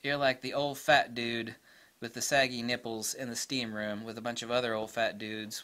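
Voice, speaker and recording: A man's voice: medium pitch, fairly even intonation, normal speed, bright, forceful tone. A man ranting to camera in a casual, blunt way, opinionated and laughing at his own jokes. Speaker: camera vlogger.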